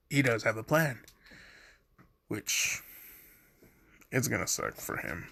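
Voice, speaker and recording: A man's voice: mid-range voice, expressive, moderate pace, long pauses, fairly bright tone. A man casually telling a fan story, rambling with lots of fillers and swearing.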